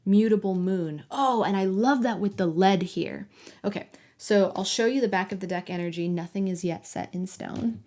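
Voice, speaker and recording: A woman giving a collective tarot reading, talking softly and affectionately to the viewer and sometimes dropping to a whisper. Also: mid-range voice, normal speed. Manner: soft, affectionate, talks directly to the viewer. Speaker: tarot reader.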